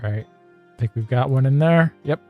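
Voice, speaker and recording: A male streamer who reads an AI-generated story aloud on stream, chuckling and rambling in quick bursts. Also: mid-range voice, no room sound, narrow, tinny audio, faint music behind.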